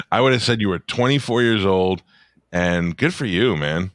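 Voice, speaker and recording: Man, very low voice, dry close sound, blunt crude teasing, comedy podcast co-host. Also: takes it slowly, fairly bright tone, dry recording. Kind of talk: casual comedy podcast banter.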